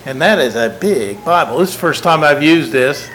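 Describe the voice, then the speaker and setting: An older man preaching a sermon, folksy and self-deprecating, unhurried. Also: on the high side, animated, fairly bright tone, a little hiss or hum, low-quality recording.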